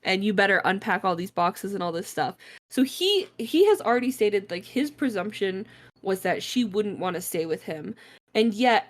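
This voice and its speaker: A woman co-hosting a book club podcast in casual chat, animated, swearing freely and laughing as she retells scenes. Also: medium pitch.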